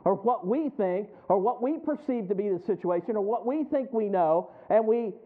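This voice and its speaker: Through tinny, phone-like audio, a preacher delivers a folksy sermon, citing scripture and voicing his congregation's anxious thoughts, with frequent laughter between lines. His high-pitched voice has lively intonation and a moderate pace.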